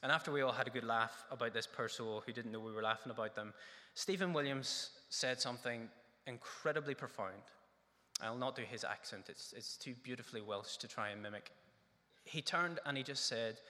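Bright-voiced preacher, echoey hall. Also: male voice, medium pitch, fairly quick. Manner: earnest, asks rhetorical questions. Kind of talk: sermon.

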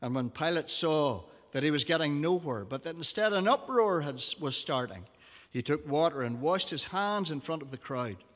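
A man's voice: fairly high pitch, lively intonation, moderate pace, a bit bright. A man reading scripture aloud to a class, giving the quoted lines expression. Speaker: teacher. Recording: long reverb of a hall.

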